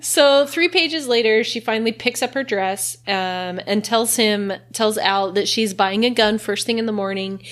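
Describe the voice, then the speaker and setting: A woman's voice: fairly high pitch, moderate pace, few pauses, a bit bright. A young adult woman hosting a casual book recap podcast, chatty and laughing often as she acts out quotes. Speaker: podcast host.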